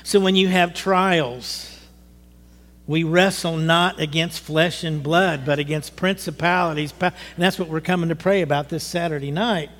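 High-voiced man preaching in a reverberant hall. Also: moderate pace. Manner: animated, rising to emphatic bursts. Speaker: pastor. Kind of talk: sermon. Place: church sanctuary.

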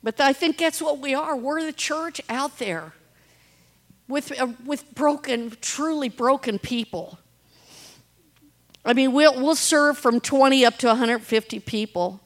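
A woman's voice: high voice, measured pace. A middle-aged woman, giving an earnest personal testimony about her street ministry, telling stories and acting out what people said. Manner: earnest, storytelling with quoted voices.

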